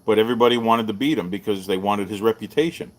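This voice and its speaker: A middle-aged man, hosting a live-streamed martial arts show and telling stories in a loose, animated way. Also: fast talker. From Texas. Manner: animated storyteller, jumps up in pitch for quoted voices. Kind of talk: casual storytelling to a live stream.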